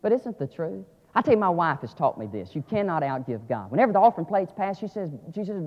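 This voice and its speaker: A man preaching a sermon, dropping to quiet asides and rising to loud, emphatic climaxes. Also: sing-song, quick pace, few pauses. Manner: swings from low asides to shouted climaxes. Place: church sanctuary. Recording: lo-fi audio with long church reverb.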